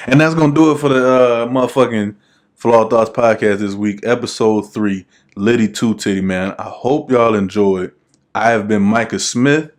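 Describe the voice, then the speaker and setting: A man's voice: lowish voice, moderate pace. A man co-hosting a podcast, signing off in a casual chat with slangy, laid-back remarks. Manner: laid-back, brief interjections and slangy sign-off. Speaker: podcast co-host.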